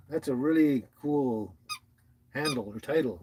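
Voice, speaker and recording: A man's voice: medium pitch, unhurried, dark tone, slight background noise. A man hosting a casual livestream, rambling and chuckling as he greets viewers by name and talks to his dog. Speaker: livestream host.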